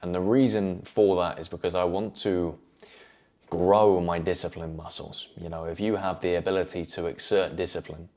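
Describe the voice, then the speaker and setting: A man giving a measured, earnest motivational talk, repeating phrases for emphasis. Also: sits low, level tone, darkish tone. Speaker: self-improvement video host.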